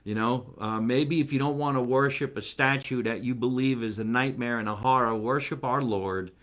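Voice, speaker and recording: A man's voice: mid-range voice, normal speed, fairly bright tone. Chatty comedian man live-streaming. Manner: chatty and rambling, reads viewer comments aloud. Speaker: comedian and show host. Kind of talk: casual live-stream chat with viewers.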